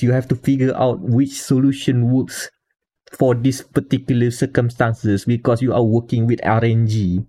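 A man with a Malaysian English accent talks through his picks in a relaxed, rambling podcast chat. His voice is mellow and dark, and his pitch sits in the middle for a man. He restarts sentences often and laughs lightly as he goes. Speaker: podcast co-host. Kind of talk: casual panel chat.

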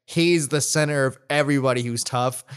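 A man's voice: mid-range voice, fairly quick, clean tone. A young man co-hosting a podcast, chatting casually and cutting in with crude jokes. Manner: crude, joking interjections. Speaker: podcast co-host. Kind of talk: casual chat.

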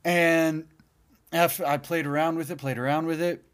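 A man's voice: a little high, steady tone, normal speed. A man hosting his own podcast in a casual, rambling monologue, sleepy and yawning, swearing freely now and then. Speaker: podcast host.

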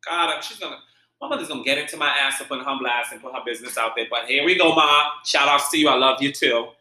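A man from Saint Vincent, with a light Vincentian accent, chats through a casual solo podcast. His voice is bright and lively, and he tells stories with expressive energy. The sound has a roomy echo. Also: medium pitch, quick pace. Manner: animated storytelling, frequent laughter and swearing. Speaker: podcast host.

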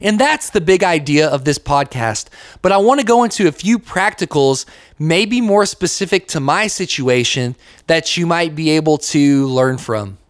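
A man's voice: fairly high pitch, animated, moderate pace, no echo, clean studio sound. A young man from the United States talking casually as a Christian podcast host. He uses lots of "like" fillers and acts out little quotes as he goes. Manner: conversational, with many "like" fillers and acted-out quotes. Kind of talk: casual faith podcast talk.

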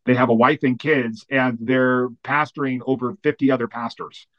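Man telling stories, dull audio. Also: medium pitch. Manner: animated, fast-running anecdotes with many fillers. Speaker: pastor. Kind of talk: storytelling in an interview.

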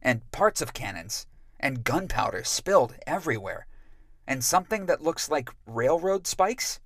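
A man's voice: medium pitch, very animated, measured pace, a bit bright, no room sound, clean studio sound, exaggerated voice. A man voicing a cocky, reckless young boy in an audiobook. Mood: eager. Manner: eager, cocky.

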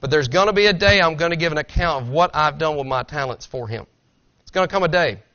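Bright-voiced earnest preacher, dull lo-fi sound. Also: male voice, on the high side, lively intonation, fast talker. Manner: earnest, conversational preaching with rhetorical questions. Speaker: pastor. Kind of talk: sermon. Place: church sanctuary.

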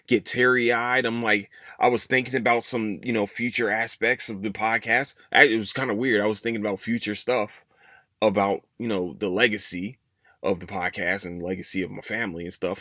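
Low-voiced man hosting a rambling podcast. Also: sharp tone, dry recording, studio quality. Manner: rambling, with many fillers and restarts. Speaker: podcast host. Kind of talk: casual solo podcast monologue.

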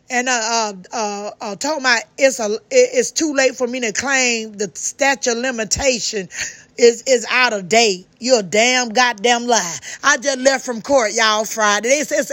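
Angry, loud-talking woman. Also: high voice, no room sound. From Georgia, United States. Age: older. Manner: loud, heated, profane, many restarts. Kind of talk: angry first-person account.

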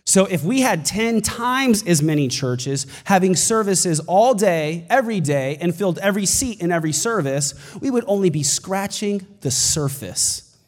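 A man preaching a sermon as pastor, emphatic and rising to shouts. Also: high voice, animated, moderate pace, few pauses, long reverb tail.

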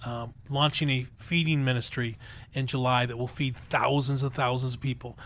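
A man being interviewed as a ministry leader, telling stories in an animated, chatty way and laughing often. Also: mid-range voice, moderate pace. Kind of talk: radio interview storytelling.

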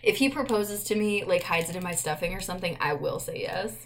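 A woman's voice: on the low side, a little fast, a little hiss or hum. A woman in her twenties co-hosting a podcast, chatting casually and laughing often. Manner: giggly, playful. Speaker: podcast co-host. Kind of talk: casual chat.

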